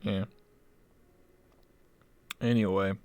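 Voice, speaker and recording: Man, host, smooth clear voice, dry sound, laid-back, swears. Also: low-pitched, steady tone, very slow, a little mellow, dry recording. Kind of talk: casual interview chat.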